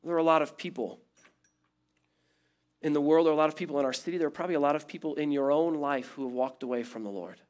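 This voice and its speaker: A man's voice: a little high, quick pace. Emphatic male pastor preaching. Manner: emphatic, builds in repeated phrases, then drops quiet. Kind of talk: sermon.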